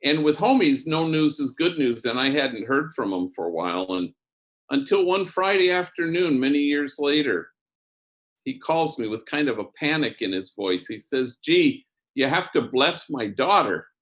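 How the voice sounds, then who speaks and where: A priest tells a story with a lot of expression, his voice rising and falling in pitch and volume. He speaks at a middle pitch in a conversational, unhurried way. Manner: animated storyteller with wide swings in pitch and loudness. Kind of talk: storytelling talk.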